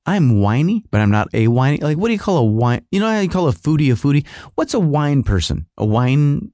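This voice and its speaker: A man's voice: on the high side, sing-song, brisk, dark tone, dry recording. A man hosting a podcast, telling a comic story in a whiny, rambling, exasperated way. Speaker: podcast host. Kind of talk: comedic storytelling monologue.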